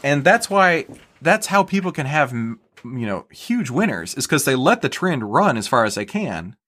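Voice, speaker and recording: A man's voice: mid-range voice, big pitch swings, moderate pace, sharp tone. Chatty man explaining his trading. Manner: explanatory, repeats words, says "right?" often. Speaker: guest, stock trader. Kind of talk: casual podcast interview.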